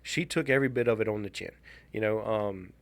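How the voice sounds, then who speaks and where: A man, co-hosting a podcast and telling a personal story in a casual, halting, wry way. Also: lowish voice, no room sound. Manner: halting, restarts a lot, candid and wry. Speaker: podcast co-host.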